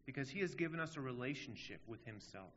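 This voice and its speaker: Bright-voiced preacher in an echoing hall. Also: male voice, medium pitch, lively intonation, fast talker, a little hiss or hum. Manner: earnest, emphatic, rhetorical questions. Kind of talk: sermon. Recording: dull audio in a long-reverb hall.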